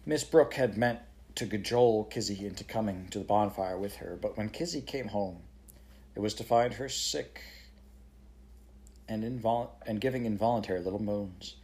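A man narrating a children's novel as an audiobook. His voice sits fairly low, and he keeps a measured, even storytelling pace. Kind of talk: audiobook reading.

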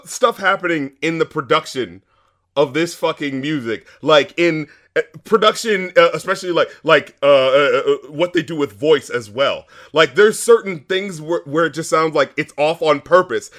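Guy gushing about an album, slightly high voice, cussing and um-ing all over. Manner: excitable, swears a lot, many fillers. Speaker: music review podcast co-host. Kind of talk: casual chat.

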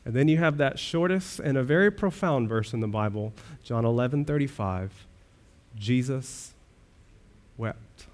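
A man's voice: medium pitch, a little fast, few pauses, darkish tone. A man pastor preaching a sermon, earnest, with rhetorical questions and rising swells of emphasis.

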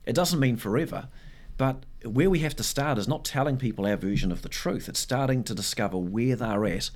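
A man's voice: medium pitch, brisk. A middle-aged man, a guest evangelist, talking casually on a podcast and animatedly acting out the quotes in his stories. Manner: animated storyteller, acts out quotes.

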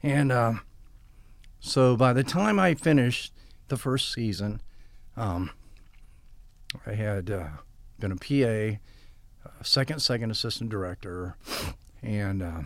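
A man's voice: lowish voice, expressive, takes it slowly, vocal fry, pauses often, no echo. An older man telling long stories in an interview and acting out quoted dialogue as he goes. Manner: rambling anecdotes with quoted dialogue. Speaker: guest. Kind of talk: storytelling interview.

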